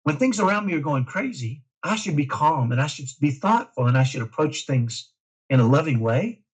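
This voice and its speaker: A middle-aged man from Dallas, a parent guest talking in an emphatic, energetic way in a casual interview. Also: on the high side, moderate pace, breathy edge, rough recording. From Dallas, Texas. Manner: energetic, emphatic, self-described type A.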